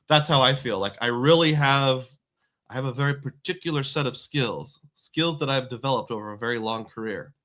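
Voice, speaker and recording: A man's voice: mid-range voice, moderate pace, a bit bright. A middle-aged man hosting a casual live stream, reading viewer comments aloud and chatting back.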